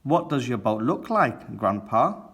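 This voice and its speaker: A man voicing an excitable little girl piglet in a storybook read-aloud, with a raised, eager voice. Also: medium pitch, a little slow, breathy edge, heavily acted.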